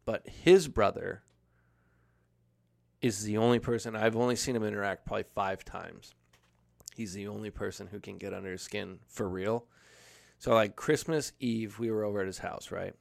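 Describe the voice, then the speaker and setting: A man's voice: lowish voice, fairly even intonation, moderate pace, gravelly, dry recording. A young man telling a casual, profane story on a podcast, acting out quoted lines as he goes. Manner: swears a lot, acts out quotes.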